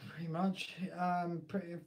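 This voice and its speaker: A man's voice: high-pitched, level tone, moderate pace, slight background noise. A man with an Essex accent chatting casually and rambling on a live stream, laughing often.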